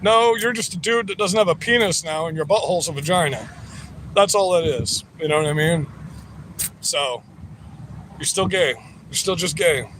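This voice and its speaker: A man livestreams outdoors at a rally counter-protest, his fairly high, fairly bright voice at normal speed with frequent pauses. His casual rant is profane, combative and rambling. The audio is poor, with street noise and traffic.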